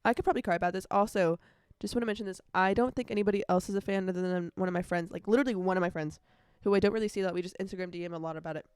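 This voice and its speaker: A woman's voice: medium pitch, very fast, few pauses, darkish tone, clean tone, dry recording, clean studio sound. A young woman hosting her own casual podcast, rambling chattily and breaking into snatches of song. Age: young adult. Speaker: podcast host. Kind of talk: casual solo podcast chat. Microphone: earbuds.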